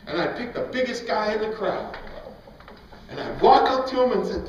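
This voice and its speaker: A man giving an animated, emphatic storytelling talk at a Christian event, often laughing as he speaks. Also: sits high, normal speed, slight background noise. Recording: echoey hall, mic far off, dull sound.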